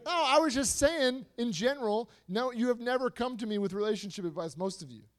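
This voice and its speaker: A man preaching to a youth group, animated and repetitive, swinging between soft asides and loud emphasis with lots of rhetorical questions. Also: extremely high pitch, fairly quick. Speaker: youth speaker.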